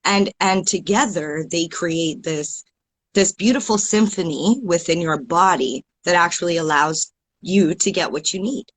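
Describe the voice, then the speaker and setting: A woman's voice: fairly low pitch, unhurried, breathy edge. A woman with a Canadian accent, a guest podcast host, explaining things eagerly in casual chat.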